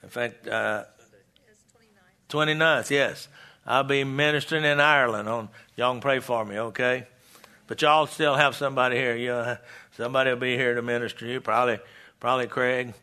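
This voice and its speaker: A man's voice: mid-range voice, steady tone, moderate pace, sharp tone, smooth. An older man preaching a folksy sermon in a church, stumbling into restarts and tossing out call-and-response asides to the congregation. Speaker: pastor.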